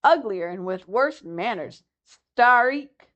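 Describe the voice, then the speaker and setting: A woman's voice: mid-range voice, expressive, unhurried, highs cut off. A woman voicing a rude, mocking seagull who screams its taunts.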